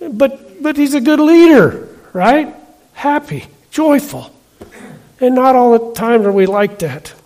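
High-voiced preacher, chatty with his flock. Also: darkish tone. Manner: conversational, asks the congregation quick questions. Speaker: pastor. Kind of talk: sermon.

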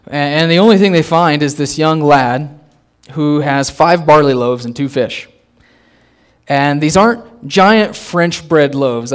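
Male pastor, fairly high voice, preaching in a relaxed, conversational way with emphatic stresses and frequent restarts. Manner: conversational and emphatic, often repeating and restarting words. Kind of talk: sermon.

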